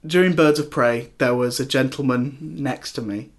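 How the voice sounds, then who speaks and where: A young man hosting a podcast, chatting casually and telling an animated story with mimicked outbursts. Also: medium pitch, moderate pace. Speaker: podcast host. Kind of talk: casual chat.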